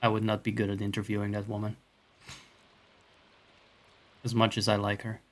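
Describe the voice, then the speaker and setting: A man's voice: fairly low pitch, monotone, moderate pace. Rambling, cursing male game streamer. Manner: rambling and profane, with self-mocking asides. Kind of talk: casual chat while gaming.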